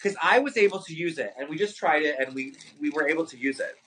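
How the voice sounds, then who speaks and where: Bright, excitable livestream shopping host man. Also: a little high, quick pace, slightly rough, rough recording. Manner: excitable, hyping products to viewers. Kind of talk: live sales stream chat.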